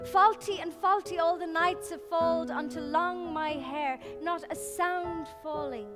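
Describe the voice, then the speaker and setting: A woman's voice: very high voice, voice pushed up. A woman reading the voice of a weary aging river-woman flowing out to the sea, in a lilting, incantatory way. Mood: wistful, sorrowful. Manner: lilting, incantatory, drawn-out phrasing. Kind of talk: literary reading over music. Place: public library event. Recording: live reading with clear music behind.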